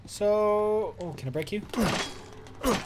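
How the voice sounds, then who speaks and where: A man hosting a casual let's-play video, playful and excitable and swearing freely as he narrates his gameplay. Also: a little high, a little slow. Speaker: gaming video host. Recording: noisy game audio behind the voice.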